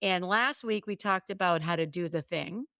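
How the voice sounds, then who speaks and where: A woman co-hosting a podcast, telling stories in an animated, chatty way with quick asides and restarts. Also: fairly low pitch, no echo, clean studio sound. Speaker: podcast co-host and coach. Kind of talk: casual podcast chat.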